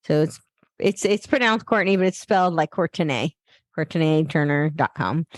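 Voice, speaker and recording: A woman's voice: on the low side, normal speed, no echo, clean studio sound. A woman guest on a podcast who talks casually and loosely, with many fillers and restarts. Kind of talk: casual interview talk.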